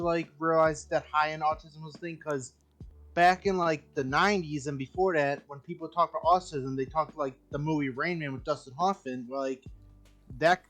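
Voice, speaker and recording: Guest, man, 30s, slightly high voice, chatty and rambling. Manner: chatty, jokey, rambling explanations. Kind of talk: casual chat.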